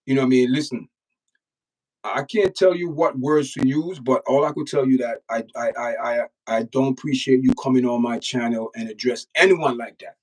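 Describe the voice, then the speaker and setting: A man's voice: medium pitch, normal speed, recorded from a distance, poor audio. A man from Jamaica with a Jamaican accent, hosting a casual livestream and lecturing his chat with emphatic, repetitive phrasing. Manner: emphatic, repeats words, lectures the chat directly. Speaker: channel host reacting to news and chat.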